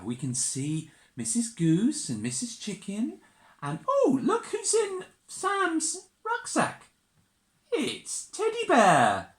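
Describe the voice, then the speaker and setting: A woman reading a picture book to young children, animated and sing-song, asking her listeners questions. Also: low-pitched. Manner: makes animal noises and gasps. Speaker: children's storyteller. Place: church. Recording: roomy church echo.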